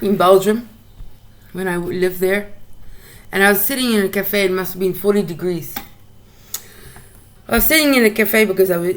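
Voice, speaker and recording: A woman talks straight to her listeners in a casual, unscripted rant. Her voice sits at an ordinary middle pitch, and she swears freely, doubling back on words when her temper rises. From South Africa. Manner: blunt, profane, repeats words when heated. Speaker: podcast host ranting solo.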